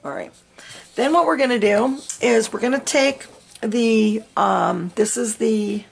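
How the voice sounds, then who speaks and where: Gravelly raspy woman chatting through a coloring tutorial, soft and loose, lots of ums. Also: fairly high pitch, measured pace. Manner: soft, chatty step-by-step instruction with many fillers. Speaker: coloring instructor. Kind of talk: real-time art tutorial.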